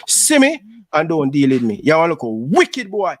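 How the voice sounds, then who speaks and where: Heated and aggrieved, a Jamaican-accented YouTube host vents in casual chat, saying "brother" again and again. His slightly high voice has huge pitch swings at normal speed, with no room sound.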